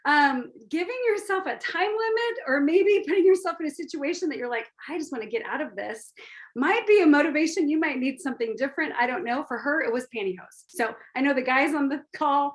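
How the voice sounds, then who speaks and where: A woman's voice: high-pitched, animated, a little fast, few pauses. A middle-aged woman giving a chatty, upbeat training talk on a video call, speaking straight to her audience. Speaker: business team trainer. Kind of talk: live online training talk.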